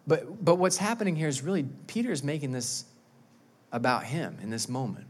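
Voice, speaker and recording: A male pastor who preaches an animated, emphatic sermon and often repeats words. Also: a little high, a little fast, husky.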